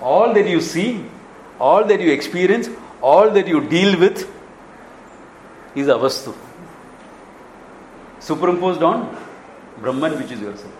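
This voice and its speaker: A man from Kerala with an Indian accent, giving a Vedanta discourse as a spiritual teacher, animated and quick to act out little dialogues with chuckles. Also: fairly high pitch, roomy sound, a little hiss or hum, poor audio. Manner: animated storytelling, acts out dialogues, chuckles often.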